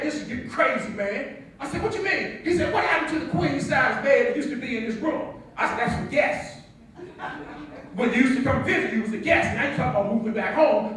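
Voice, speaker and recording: A man performs a stage comedy monologue as a strict, wry father of a grown son, telling it deadpan and teasing. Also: very high voice. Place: theatre stage. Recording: echoey hall from far off.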